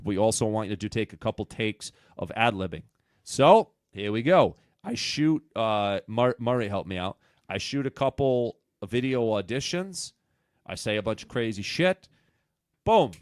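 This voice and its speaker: A comedian with a New England accent telling a profane, self-mocking story on a podcast. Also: male voice, mid-range voice, clean tone, dry recording, studio quality. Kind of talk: casual storytelling chat.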